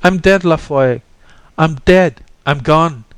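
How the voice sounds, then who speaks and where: A man's voice: a little high, a little slow, clear, resonant tone, no room sound, voice pushed up, natural voice. A man voicing a wounded little boy who whimpers and pleads in pain. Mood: panicked.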